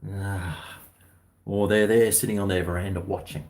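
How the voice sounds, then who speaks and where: Australian male streamer, middle-aged, slangy and rambling, voice sits a bit low. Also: steady tone, quick pace, darkish tone. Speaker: livestream host. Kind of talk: casual livestream chat.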